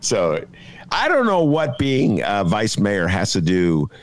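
A man's voice: on the low side, huge pitch swings, slow pace. A man hosting a casual political talk show, musing aloud with lots of fillers and bursts of animation. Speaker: host.

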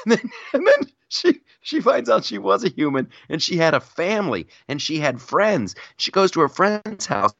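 A man's voice: fairly high pitch, wildly swooping pitch, moderate pace, fairly bright tone, no echo, muffled recording. A man co-hosting a podcast, chatting casually and ranting about a movie, acting out scenes in mocking voices. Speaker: podcast co-host. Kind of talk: casual chat, movie rant.

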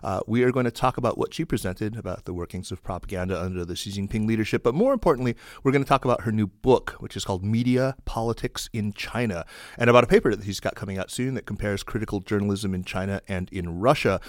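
A man's voice: fairly low pitch, fast, dry recording, studio quality. A man hosting a podcast, giving an upbeat, emphatic introduction and chatting with his guests. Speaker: podcast host.

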